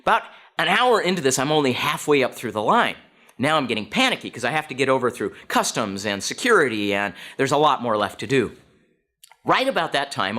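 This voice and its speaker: Guy giving a talk, tells a story, bright sharp voice, lots of ups and downs. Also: medium pitch. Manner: animated, direct questions to listeners. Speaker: speaker.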